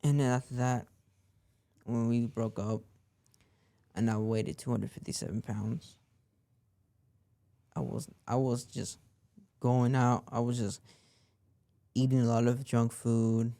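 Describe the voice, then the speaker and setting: A man's voice: mid-range voice, level tone, takes it slowly, creaky, long pauses, mellow, no echo. A young man hosting a podcast, telling a personal story in a rambling way and leaning on "like" and repeated phrases. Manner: rambling, repeats himself, lots of "like". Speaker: podcast host.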